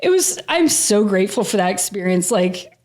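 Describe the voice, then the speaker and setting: A woman's voice: mid-range voice, big pitch swings, moderate pace, a little mellow. Earnest woman sharing a personal story. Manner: earnest and emotional, heavy use of "like". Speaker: podcast guest. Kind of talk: casual interview storytelling.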